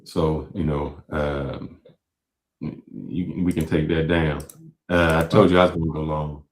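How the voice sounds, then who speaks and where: A man hosting a talk show, giving animated, preachy commentary on clips and acting out quotes. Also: rumbling low, a little slow, echoey room. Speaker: podcast host. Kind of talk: casual commentary reacting to clips.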